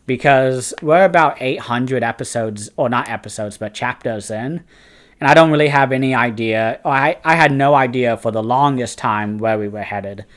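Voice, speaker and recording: A man's voice: medium pitch, normal speed, a bit bright. A man hosting a manga review channel, talking through a casual spoken review in an eager, chatty way with frequent fillers and restarts. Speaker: host of a fantasy book and manga review channel.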